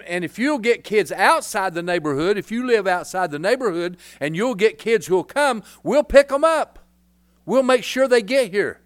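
An older man preaching a folksy, rambling sermon as pastor, breaking into loud hollers. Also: high voice.

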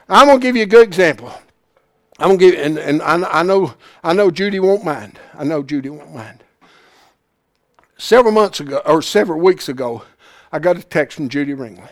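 Male preacher, high voice, fervent; hushed storytelling to excited exhortation. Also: a little fast. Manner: repeats phrases for emphasis. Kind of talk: sermon.

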